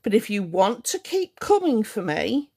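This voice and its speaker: A woman speaking live to her viewers in a heated, confrontational rant. Her voice is gravelly with a steady vocal fry, sitting at an ordinary middle pitch. She keeps repeating her points to drive them home. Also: measured pace. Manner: confrontational, indignant, repeats for emphasis. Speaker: live streamer.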